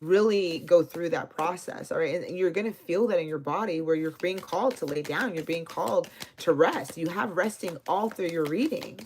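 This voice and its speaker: A woman's voice: lowish voice, normal speed, slight background noise. A woman giving live tarot readings, talking casually and affectionately to viewers, reading their names and answering their comments. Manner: casual, affectionate, uses slang and cussing. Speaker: tarot reader.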